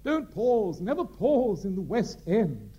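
A man's voice: high-pitched, big pitch swings, slow pace, warm tone, breathy edge, muffled recording, voice pushed up, full character voice. A man putting on the voice of a tactless, waspish elderly stage actor, plummy and drawn out. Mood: imperious.

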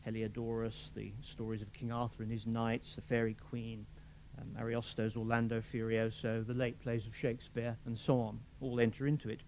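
An older novelist who reads from his own work and then discusses it in a measured, dry, articulate way. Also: mid-range voice, monotone, darkish tone, slight background noise. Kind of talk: reading aloud and lecturing.

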